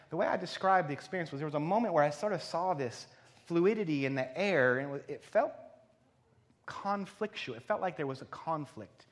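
A man preaching, telling a personal story in an intimate way and dropping to a hush for quoted prayer. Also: on the high side. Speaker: pastor. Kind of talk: sermon storytelling. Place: conference venue.

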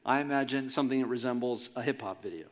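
A man's voice: mid-range voice, fast, slight background noise. A man preaching a sermon to a congregation in a conversational, joking way. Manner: animated, conversational, jokes with the congregation. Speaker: pastor. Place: church in front of a congregation.

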